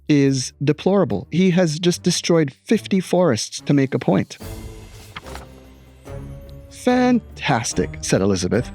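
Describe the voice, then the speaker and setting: A man teacher reading a picture book aloud with expressive storytelling and playful asides. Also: a little high.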